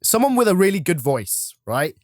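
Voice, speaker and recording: A man chatting casually as a gaming co-host, animated and quick to laugh. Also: high voice, dry recording, clean studio sound. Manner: animated, laughs often, slips into silly voices. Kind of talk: casual chat while gaming.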